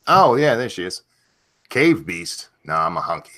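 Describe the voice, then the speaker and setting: Male host, low register, irreverent banter with quick jokes. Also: very animated, background noise. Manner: joking, irreverent, quick asides. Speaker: stream host. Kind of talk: casual chat on a live stream.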